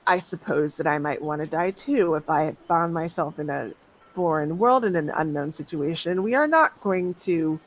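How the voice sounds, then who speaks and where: Game master voicing an earnest gentle doctor. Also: medium pitch, lightly acted, low-quality recording. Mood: firm. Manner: measured, earnest, grows heated over injustice. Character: earnest gentle male doctor, protective of creatures. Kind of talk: tabletop role-play.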